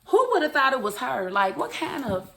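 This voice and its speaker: A woman's voice: high voice, moderate pace, gravelly, a little hiss or hum. A woman recapping a series in a casual, opinionated way, acting out the characters' lines as she tells it. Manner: animated, opinionated storytelling with acted-out quotes. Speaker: show recap reviewer.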